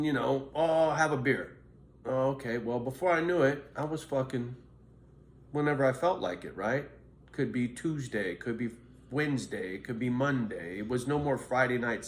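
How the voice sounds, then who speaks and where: A man's voice: medium pitch, fairly bright tone. A middle-aged man bluntly telling his own story in a profane, street-tough way. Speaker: vlogger. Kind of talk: candid personal monologue. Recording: roomy echo, faint background noise.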